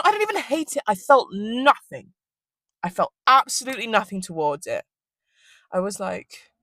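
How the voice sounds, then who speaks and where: A woman's voice: mid-range voice, sharp tone, no room sound. Young girl ranting storytime style in her car, lots of like and swearing, dry close sound. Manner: rambling, swears freely, fillers like "like". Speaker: vlogger. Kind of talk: casual storytime chat.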